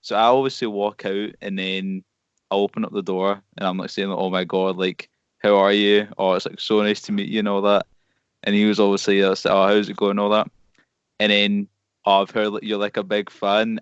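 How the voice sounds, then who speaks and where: A young Scottish man telling a story in a relaxed, rambling way during a casual podcast chat. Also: fairly low pitch, moderate pace, clear, resonant tone, no room sound, highs cut off. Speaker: podcast co-host. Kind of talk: casual chat among friends.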